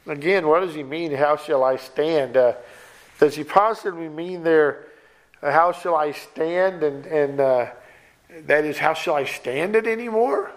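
A male preacher with a noticeably high voice, teaching through a psalm in a sermon. He speaks earnestly and with emphasis, often circling back to repeat and rephrase a point, lifting his voice on key phrases. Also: a little slow.

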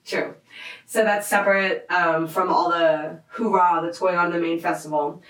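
A young woman in her twenties talks casually on a podcast, animated and full of "like" and swearing. Her voice sits a little low, and the room around her is echoey. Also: moderate pace. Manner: animated, swearing, lots of likes. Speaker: DJ guest.

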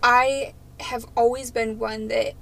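A woman's voice: a little high, level tone, takes it slowly, fairly bright tone, poor audio. A woman co-hosting a podcast, talking earnestly and emotionally in casual chat. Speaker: podcast co-host.

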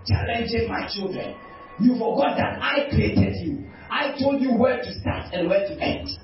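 A man voicing a commanding man who sternly rebukes a storm, dropping his voice low and slow, recorded from a distance in a very echoey room with faint music. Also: animated, muffled recording, exaggerated voice.

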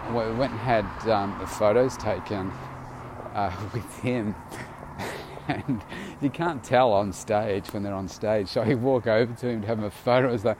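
A man's voice: fairly low pitch, noisy background. A tired man casually recording an audio diary outdoors, rambling loosely with many fillers and restarts. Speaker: vlogger.

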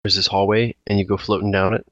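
A man in casual chat, telling jokes in a deadpan way. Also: fairly low pitch, quick pace, dry recording, lo-fi sound.

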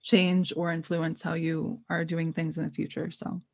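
A woman's voice: low voice, level tone, moderate pace, vocal fry, darkish tone, dry recording, clean studio sound. A young woman co-hosting a casual podcast chat, encouraging and chatty with lots of fillers. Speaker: podcast co-host.

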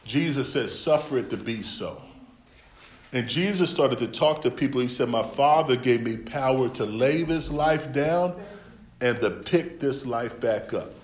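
A man's voice: medium pitch, measured pace, reverberant. A man from the United States preaching a sermon in plain, slangy African American English, joking and laughing often as he reads and explains scripture.

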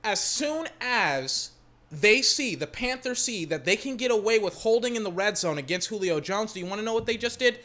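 Profane ranting football fan with a bright voice. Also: mid-range voice, lively intonation, moderate pace. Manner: profane, ranting, yelling at referees. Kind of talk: live game reaction commentary.

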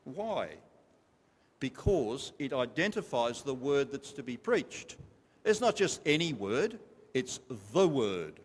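A man's voice: medium pitch, slightly rough. Guy preaching a sermon, asks the crowd stuff, punchy repeats, long echo off the church walls. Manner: emphatic, repetitive, asks the congregation questions. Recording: long reverb of a large hall.

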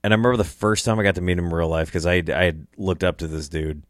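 A man's voice: deep voice, fast talker, no room sound, clean studio sound. A man hosting a podcast, telling a story casually in a rambling, chuckling way, with restarts and swearing. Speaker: podcast host.

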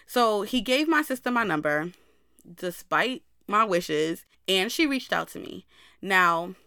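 A woman's voice: mid-range voice, animated, slow, pushed and bright, clean tone, dry recording, studio quality. A young woman hosting a podcast, telling a personal story in a candid way and talking straight to her listeners. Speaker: podcast host.

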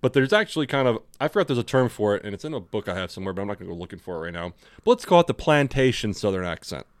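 A man's voice: lowish voice, sing-song, very fast, dry recording. A man co-hosting a podcast, chatting casually in a rambling way and swearing freely. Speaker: podcast co-host. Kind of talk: casual chat.

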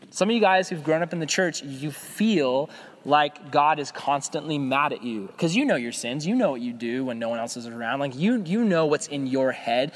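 A young adult man preaching a casual sermon as a youth pastor, conversational and animated, acting out quoted voices. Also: a little high. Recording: long hall reverb.

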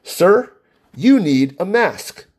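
A man's voice: a little high, huge pitch swings, fast talker, dark tone, slightly rough, voice pushed up, heavily acted. A man mimicking a flustered female store clerk. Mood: insistent. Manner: insistent, then startled.

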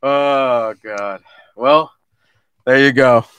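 A man's voice: mid-range voice, extremely slow, a bit bright, smooth, no echo. A man hosting a casual podcast, laughing often and swearing as he mocks himself. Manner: laughing, swearing, self-mocking. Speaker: podcast host. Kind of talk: casual chat.

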